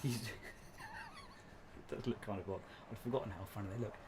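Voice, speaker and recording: A man hosting a casual live stream from his model railway, chatty, jokey and excitable. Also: lowish voice, brisk, heavy background noise. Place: indoors at a model railway layout.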